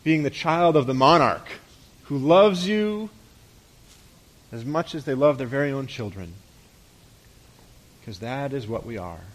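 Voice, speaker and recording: A pastor preaching a conversational sermon, asking rhetorical questions and letting his voice drop softly at the ends of phrases. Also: mid-range voice, lively intonation, a little slow, pauses often.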